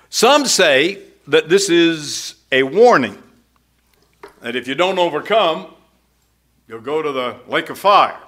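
Slow, bright-voiced male preacher. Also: a little high. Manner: slow, emphatic, conversational teaching with rhetorical questions. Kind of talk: expository sermon.

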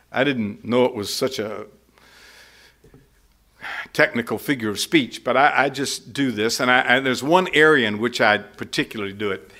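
Slow, bright-voiced male preacher. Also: mid-range voice. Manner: slow, emphatic, conversational teaching with rhetorical questions. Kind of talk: expository sermon.

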